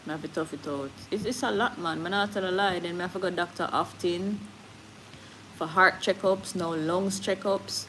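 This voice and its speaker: Jamaican woman, lower voice, candid live-stream host who mixes in patois, faint hiss behind. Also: moderate pace, a bit bright, poor audio. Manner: candid, switching into patois, reads viewer comments. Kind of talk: casual live-stream chat.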